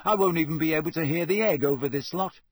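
A man's voice: on the high side, fast, no room sound, studio quality, natural voice. A man voicing an earnest teenage schoolboy in a storybook reading, plain and mildly exasperated.

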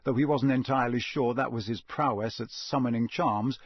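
A man reading an audiobook in a steady, even storytelling manner. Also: medium pitch, brisk, slightly rough, no echo. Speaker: audiobook narrator. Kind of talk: scripted narration.

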